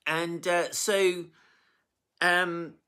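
A preacher giving an informal sermon, retelling a Bible story in a chatty, animated way with many fillers and self-corrections, and plainly moved by it. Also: medium pitch, very slow.

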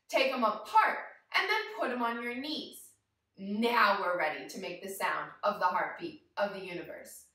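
Bright-voiced woman guiding little kids through yoga, sing-song and slow, heard in a roomy space. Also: on the high side, recorded from a distance. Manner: animated, sing-song, talks directly to young children. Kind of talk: playful kids yoga lesson.

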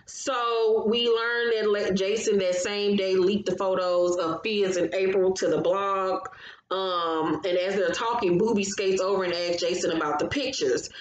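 A woman's voice: mid-range voice, steady tone, a little slow, echoey room, a little hiss or hum, low-quality recording. A woman recapping a reality show in casual commentary, blunt and profane, getting heated as she gives her opinions.

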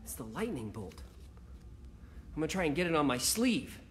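A man's voice: a little high, very animated, normal speed, heavy reverb, a little hiss or hum. Upbeat male gymnastics coach for kids. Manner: upbeat, playful, talks to children at home. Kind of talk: kids' home workout lesson.

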